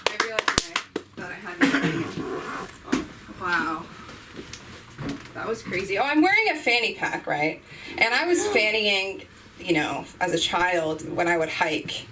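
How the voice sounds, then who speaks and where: Picked up off mic in a noisy comedy club, a young woman emcees an open mic with a rambling, self-deprecating routine punctuated by abrupt yelps. She speaks at medium pitch in a sing-song way, keeping a measured pace and pausing often.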